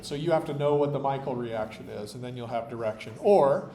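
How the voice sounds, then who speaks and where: A man's voice: medium pitch, fairly quick, mellow, a little hiss or hum. A man lecturing a university chemistry class, explaining with dry jokes, his voice tired. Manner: explanatory, dryly joking. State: tired voice, occasional coughing.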